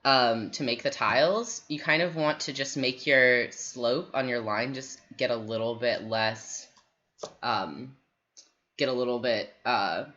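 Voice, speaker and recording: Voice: mid-range voice, unhurried, sharp tone. A workshop instructor giving a live drawing tutorial, rambling and self-deprecating, with lots of fillers. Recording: muffled lo-fi stream audio.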